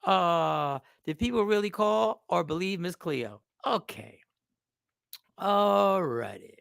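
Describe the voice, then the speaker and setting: A man's voice: sits high, lively intonation, takes it slowly, vocal fry, fairly bright tone, clear, resonant tone, dry recording, studio quality. A man in his fifties, a comedian and host, telling a rambling, self-mocking story in a casual style.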